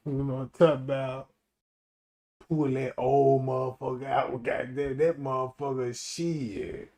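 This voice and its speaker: A man streaming a profane comedic rant, swinging from shouting to muttering. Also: mid-range voice, steady tone, unhurried.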